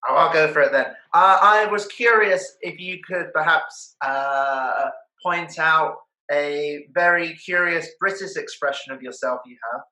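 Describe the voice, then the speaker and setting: A man's voice: fairly high pitch, measured pace, hardly any pauses, sharp tone, reverberant, rough recording. A man moderating a question session after a talk, polite and encouraging as he thanks the speaker and asks questions. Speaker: event host.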